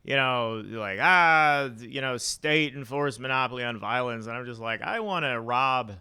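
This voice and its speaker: A man doing a stand-up set at an open mic in a small comedy club, telling dark jokes deadpan with halting fillers. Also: medium pitch, smooth.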